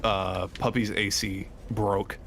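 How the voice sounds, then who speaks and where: A man with a fairly low voice jokes and swears casually while he plays a game with a friend. There is faint noise and game ambience behind him. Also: little pitch movement, slow pace, a bit bright. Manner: joking, laughs often, swears. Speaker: co-player. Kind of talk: casual gaming chat.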